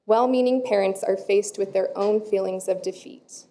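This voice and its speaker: A woman, a director of clinical services, giving prepared public comment at a council meeting in a steady, earnest reading. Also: medium pitch, moderate pace.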